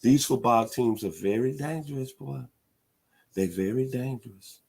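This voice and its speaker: A middle-aged man hosting a sports talk show, hyping teams in an animated, preacher-like way. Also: mid-range voice, moderate pace, creaky, breathy edge. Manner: animated, preacher-like hype with loud hog calls.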